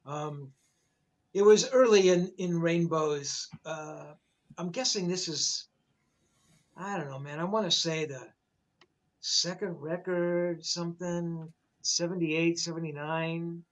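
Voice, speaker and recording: A man's voice: fairly high pitch, fairly even intonation, slow, low-quality recording. Profane rambling older storyteller man. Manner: rambling, profane, many fillers and restarts. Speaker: rock journalist telling a story. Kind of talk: casual storytelling on a livestream.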